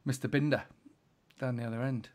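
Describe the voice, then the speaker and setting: Male podcast co-host, casual chatty delivery, mid pitch. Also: fairly even intonation, fairly quick, a little mellow. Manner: chatty, laughing at tech troubles. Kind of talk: casual chat.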